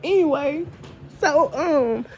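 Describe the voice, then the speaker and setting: A woman casually recapping a TV drama, sassy and animated, acting out the characters' lines. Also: sits high, slow, muffled recording, slight background noise. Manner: sassy, animated retelling with acted quotes. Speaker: TV show reviewer.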